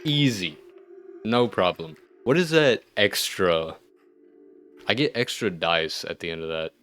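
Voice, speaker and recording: A man casually commenting on a game as he plays, thinking aloud with wry asides and sudden excited outbursts. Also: deep voice, a little slow. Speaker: gaming video host. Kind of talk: let's-play commentary.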